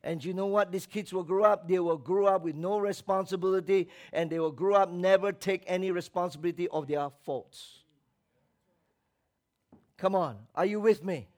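A man preaching with a high, raised voice. He is emphatic, calls on the congregation to answer him, and mocks the voices of others as he goes. His delivery swings between loud exhortation and low, quiet asides. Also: normal speed. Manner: acts out quoted voices with mocking tones. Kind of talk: sermon.

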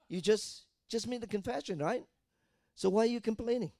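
A man preaching a sermon as pastor, asking rhetorical questions and building to shouted fervor. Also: high voice, a little fast, no echo, clean studio sound.

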